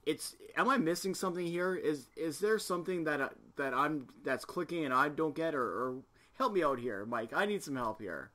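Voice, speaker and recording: A man's voice: on the high side, lively intonation, moderate pace, hardly any pauses, sharp tone. A man from Canada hosting a casual wrestling podcast, ranting with exasperation and frequent swearing. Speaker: podcast host. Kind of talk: casual chat.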